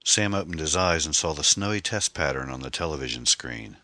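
A man reads a mystery novel aloud as scripted audiobook narration, steady and expressive, on a close microphone. His voice rumbles low, moves a little fast, and has no echo.

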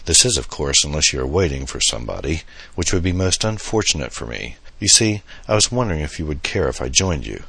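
A man voicing a charming elderly French gentleman with a heavy French accent, courtly and flattering, in an audiobook reading. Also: extremely low pitch, brisk, vocal fry, hardly any pauses, husky, no echo, heavily acted. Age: older. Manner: courtly, flattering, slightly theatrical. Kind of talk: audiobook character voice.

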